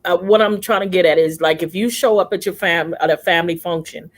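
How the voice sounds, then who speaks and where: Woman host on a video call, lively storyteller, does little voices. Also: fairly low pitch, brisk. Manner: warm, animated storyteller, acts out voices. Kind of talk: casual video call discussion.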